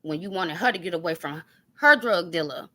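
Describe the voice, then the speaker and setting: A woman's voice: fairly low pitch, expressive, a little fast, sharp tone. A woman, ranting on her stream in a profane, confrontational, sarcastic way. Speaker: online commentary streamer. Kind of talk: heated ranting callout monologue.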